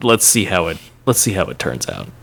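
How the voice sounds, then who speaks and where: A man's voice: deep voice, huge pitch swings, a little fast, gravelly, fairly bright tone. A man co-hosting a podcast in casual chat, playful and teasing, laughing often and slipping into mock-announcer asides. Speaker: podcast co-host.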